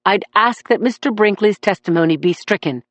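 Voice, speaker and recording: Woman voicing a cool, even defense lawyer. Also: high-pitched, brisk, no echo. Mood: composed. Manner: calm, matter-of-fact, even. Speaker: defense attorney.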